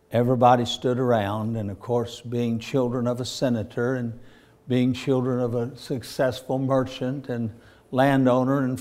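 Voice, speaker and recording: Man, preacher, folksy sermon storytelling, fervent, middle pitch. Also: warm tone. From Virginia, USA.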